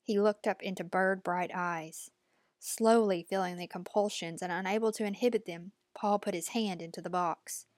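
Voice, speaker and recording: A woman narrating an audiobook at a measured, steady pace. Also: mid-range voice, no echo, studio quality.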